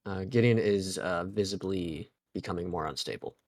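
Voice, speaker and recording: A man's voice: low-pitched, moderate pace, a little mellow, no room sound, studio quality. A man playing a tabletop game, describing his character in casual, brief lines. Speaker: player.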